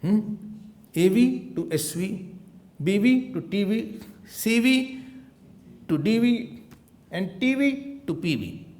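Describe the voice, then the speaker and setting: Indian man, spiritual teacher, high voice, very lively pitch, playful discourse. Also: slow pace, long pauses. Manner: animated, playful, mixes in Hindi phrases.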